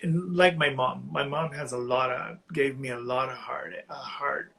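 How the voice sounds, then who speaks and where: A man calling in to a live reading, sharing something painful in a halting, heartfelt way while close to tears. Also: mid-range voice, steady tone, vocal fry, a bit bright, poor audio. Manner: halting, heartfelt, slow, often restarting phrases. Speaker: caller on a live psychic reading. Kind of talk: emotional personal sharing.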